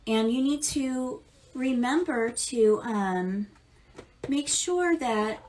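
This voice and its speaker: A woman's voice: on the high side, animated, very slow, darkish tone, a little hiss or hum. A woman giving casual live tarot readings, chatty and affectionate, calling listeners darling and baby and swearing now and then. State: amped up. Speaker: tarot reader.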